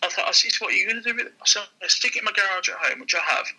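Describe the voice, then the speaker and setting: Fast, bright-voiced man telling stories. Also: high-pitched, breathy edge, low-quality recording. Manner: animated, quick anecdote with voiced quotes. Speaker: guest, former car dealer. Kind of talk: casual storytelling.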